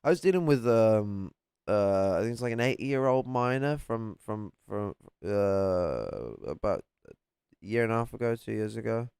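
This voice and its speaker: A man chats casually on a stream, rambling and cursing, often starting sentences over. His voice sits low and sounds smooth and clear. The recording is dry and close. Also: lively intonation, unhurried, darkish tone, dry recording. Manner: rambling, swears freely, many restarts. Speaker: streamer reacting to a clip. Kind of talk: casual profane chat.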